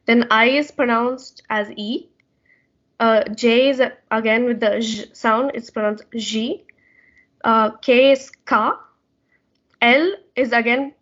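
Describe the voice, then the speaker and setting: A woman's voice: a little high, steady tone, a little slow, a bit bright. A woman teaching in an online class, explaining patiently with many fillers, over muffled call audio. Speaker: language session teacher.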